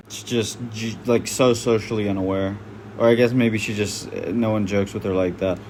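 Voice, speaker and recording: A man's voice: lowish voice, steady tone, moderate pace, a little mellow, a little hiss or hum. A man doing casual reaction commentary, blunt and slangy, swearing freely. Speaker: online commentator.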